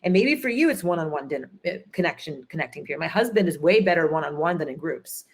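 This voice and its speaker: Entrepreneur guest, a woman with a deep voice, chatty and animated, acts out what people said. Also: fast, husky. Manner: animated storyteller, acts out quotes, many fillers. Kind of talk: conference interview, storytelling.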